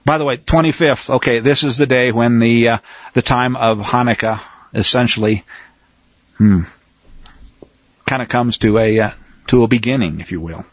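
A man's voice: medium pitch, moderate pace, long pauses, no room sound, dull audio. A man preaching a sermon, reading scripture aloud and commenting in a folksy, fiery way.

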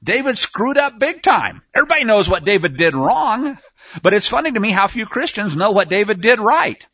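Lively high-voiced man teaching scripture. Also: moderate pace, husky. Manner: rhetorical questions, frequent restarts. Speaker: Bible teacher. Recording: dull lo-fi recording.

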